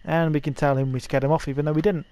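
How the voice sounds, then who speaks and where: A man's voice: fairly high pitch, little pitch movement, very fast, mellow, clean tone. A man hosting a casual let's-play, joking around and reading game dialogue aloud. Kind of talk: casual gameplay commentary.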